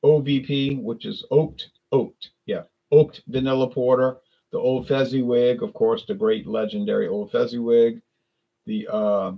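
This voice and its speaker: A man's voice: mid-range voice, fairly even intonation, a little slow, creaky, muffled recording. A man from South Louisiana with a South Louisiana accent, rambling through a casual live-stream chat about drinks with lots of restarts and self-corrections.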